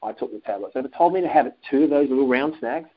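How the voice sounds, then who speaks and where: A man's voice: mid-range voice, fast talker. A man telling a personal story in a casual interview, acting out phone calls and what people said. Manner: animated, acts out phone calls and quotes. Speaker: interview guest. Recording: dull lo-fi sound.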